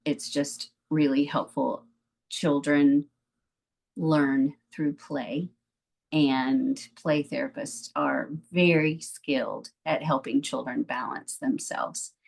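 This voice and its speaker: A woman co-hosting an advice podcast on betrayal recovery, explaining in a gentle, measured way. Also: sits low, fairly even intonation, creaky, slightly rough. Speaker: podcast co-host, therapist. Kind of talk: calm advice talk.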